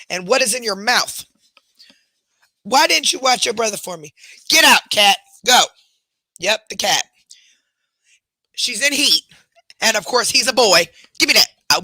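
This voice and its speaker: A woman's voice: medium pitch, pushed and bright, dry recording. A woman hosting a casual livestream from her bedroom at home, chatting with viewers while scolding and coaxing her pets. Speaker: livestream host.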